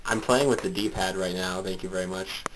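A man's voice: low-pitched, fairly even intonation, moderate pace. A young man chatting over voice chat from a small bathroom at home, laughing often and joking crudely. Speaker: podcast guest. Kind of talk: casual voice chat. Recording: loud noisy voice chat mic, close.

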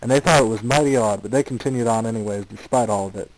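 A man's voice: fairly low pitch, quick pace, dry recording, poor audio. Male host, casual chat, rambling improviser. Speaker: podcast host.

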